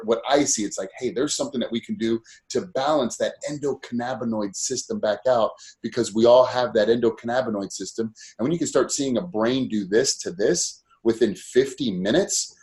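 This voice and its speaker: A man's voice: medium pitch, moderate pace, darkish tone. A man appearing as a podcast guest, explaining health topics in an earnest, persuasive way full of rhetorical questions. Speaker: wellness coach.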